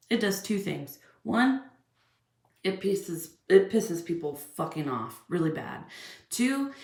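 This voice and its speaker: A woman's voice: fairly low pitch, darkish tone, reverberant. A young woman ranting heatedly to the camera, swearing constantly and firing off rhetorical questions. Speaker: channel host ranting. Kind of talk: angry profane rant to camera.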